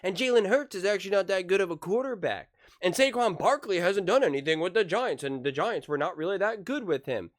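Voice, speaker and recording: A man's voice: high-pitched, expressive, a little fast. A man doing a reaction commentary on football news, emphatic and exasperated, ranting with frequent restarts. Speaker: sports commentary youtuber.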